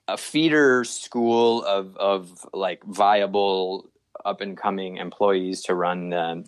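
A man telling a travel story in casual chat, animated and full of "like" and acted-out quotes. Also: on the low side, no room sound. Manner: animated, acts out voices, many fillers.

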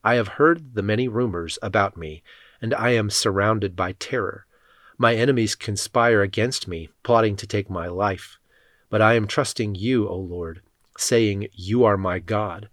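A man reading Bible passages aloud in a measured, solemn way. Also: on the low side, a bit bright, dry recording, clean studio sound. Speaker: scripture reader.

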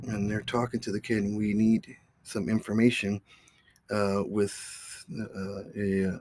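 A man's voice: lowish voice, little pitch movement, measured pace, darkish tone, slight background noise. A man hosting his own podcast, telling a story in a rambling, profane, casual way. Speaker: podcast host.

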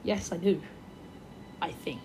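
A young woman hosting a gaming podcast, giving gushing commentary and repeating her excited exclamations. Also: on the low side, takes it slowly, background noise. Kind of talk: game commentary.

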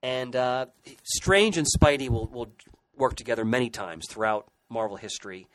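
A man's voice: medium pitch, moderate pace, fairly bright tone, rough recording. A man co-hosting a podcast, chatting enthusiastically about comic book history with frequent restarts. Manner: enthusiastic, hesitant restarts and fillers. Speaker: podcast co-host. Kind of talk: casual podcast discussion.

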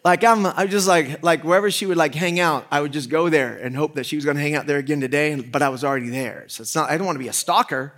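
Animated, joking male pastor. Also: fairly high pitch, fast, hardly any pauses. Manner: animated storytelling, jokey asides, loud swings in volume. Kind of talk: humorous sermon.

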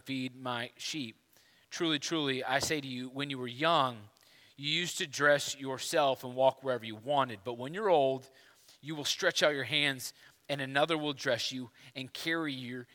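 A man pastor delivering a conversational sermon, often checking in with the congregation with quick asides. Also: on the high side, pushed and bright, big-room sound. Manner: conversational preaching with frequent "right?" asides. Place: church sanctuary.

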